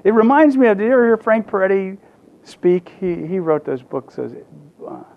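A man's voice: high-pitched, normal speed, narrow, tinny audio. A man preaching a sermon, telling stories with humor and often restarting his sentences. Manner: lively storytelling with humor and restarts. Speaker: pastor.

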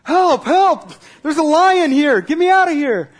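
A man voicing his panicked cousin, stuck in a gorilla suit and yelling for help in a comic story. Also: very high voice, sing-song, a little slow, pitched above the performer's own voice, full character voice.

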